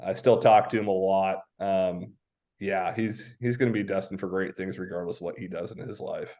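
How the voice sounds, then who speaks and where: A man in his thirties from Washington State, a high school football coach telling stories as a podcast guest. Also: fairly even intonation, normal speed, warm tone. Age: 30s. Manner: reflective, anecdotal, many "um" fillers. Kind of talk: casual podcast interview.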